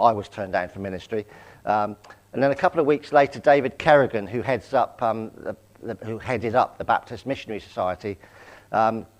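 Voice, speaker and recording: A man in his sixties from Southampton, giving a personal testimony talk as a guest speaker, anecdotal with self-deprecating humour. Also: mid-range voice. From England, Southampton. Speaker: guest speaker, charity chief executive.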